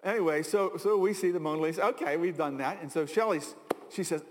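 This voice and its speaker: A middle-aged American pastor with a high voice tells stories as he preaches, chatty and full of asides. His words ring out with a long reverb from the large hall. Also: fairly quick, background noise. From United States. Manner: conversational storytelling with asides and chuckles. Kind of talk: sermon.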